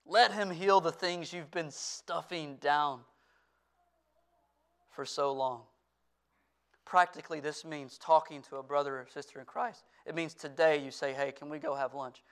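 A pastor in full sermon mode, a man with a smooth, resonant voice pitched a little high. He presses hard and loud on key points, then drops to a quiet, close appeal to his congregation. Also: unhurried, pauses often. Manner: earnest preaching that swings from forceful to hushed. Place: church.

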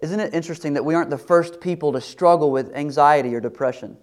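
A middle-aged man preaching a sermon to his congregation in a conversational way, sometimes dropping to a soft, confiding tone. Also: on the high side, fast talker. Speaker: pastor.

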